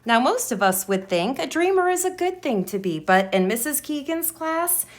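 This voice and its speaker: Here the teacher's voice is high and very animated as she runs a writing lesson, voicing her model sentences aloud. Her pace is slow and careful, and she echoes the words while putting them on paper.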